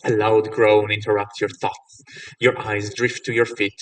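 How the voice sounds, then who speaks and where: A man's voice: on the low side, little pitch movement, unhurried, fairly bright tone, far from the mic, rough recording. A male streamer narrating a visual novel aloud with playful, joking asides.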